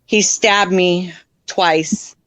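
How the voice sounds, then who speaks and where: A woman, a podcast guest, telling a hard personal story in a frank, blunt way, with many fillers and quick voice shifts when she quotes others. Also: lowish voice, fairly even intonation, fairly bright tone, no echo.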